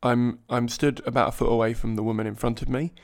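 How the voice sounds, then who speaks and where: A man telling a comic anecdote in an animated, profane, self-mocking way. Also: mid-range voice, fast. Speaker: storyteller.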